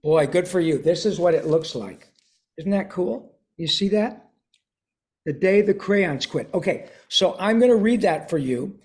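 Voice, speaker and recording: An older man, a voice actor, chatting and reading a picture book aloud to a class of children over a video call, clearing his throat now and then. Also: sits high, expressive, measured pace, darkish tone.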